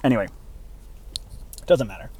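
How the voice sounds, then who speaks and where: A man's voice: medium pitch, expressive, moderate pace, mellow, slightly rough, no echo. A man in his thirties, an acting teacher, talking casually and rambling on a solo podcast, tired and yawning. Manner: rambling, self-deprecating, demonstrates ad reads.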